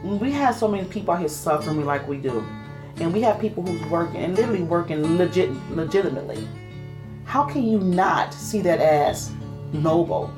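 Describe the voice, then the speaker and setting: A woman's voice: fairly low pitch, animated, fairly quick, over music. A woman home care worker, telling her story with passion in an oral history interview.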